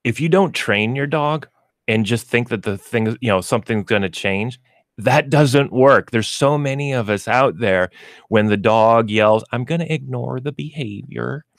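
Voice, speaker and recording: A man's voice: mid-range voice, a little slow, no room sound, clean studio sound. A man hosting a radio show about pets, talking casually and acting out what dogs and owners might say. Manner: folksy, explains with acted dog and owner voices. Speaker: pet store radio show host. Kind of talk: casual radio talk on pet training.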